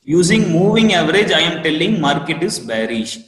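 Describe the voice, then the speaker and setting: A man with an Indian English accent teaching a live online trading class, repeating each point and asking students for a quick yes. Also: a little high, big pitch swings, fairly bright tone. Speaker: trading course instructor. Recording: roomy echo with long reverb.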